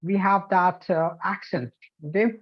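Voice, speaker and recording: Unhurried and steady in tone, this medium-pitched Indian instructor with an Indian English accent leads a live online TEFL demo lesson. "Okay?" and "you know" come up frequently, over dull, lo-fi class audio.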